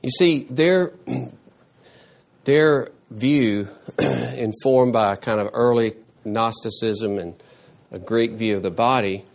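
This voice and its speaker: Preaching slowly in a gravelly voice, a pastor delivers a lively sermon, repeating words and restarting phrases. At moments he rises suddenly into a high voice to stress a point.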